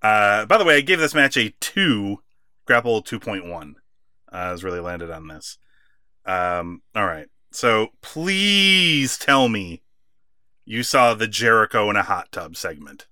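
A man co-hosting a wrestling podcast, chatting casually, laughing often and acting out quotes with animated bursts. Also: fairly low pitch, a little slow, no room sound, studio quality. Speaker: podcast co-host.

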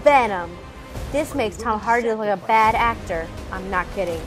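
A woman's voice: medium pitch, brisk, a bit bright, soft background music. A woman co-hosting a casual chat about movie trailers, blunt and sarcastic, swearing now and then. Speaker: co-host reacting to movie trailers.

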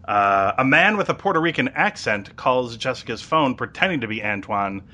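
A man's voice: medium pitch, expressive, moderate pace, bright, forceful tone, slight background noise. A man casually recapping a TV episode as a podcast host, chatty with lots of ums and uhs.

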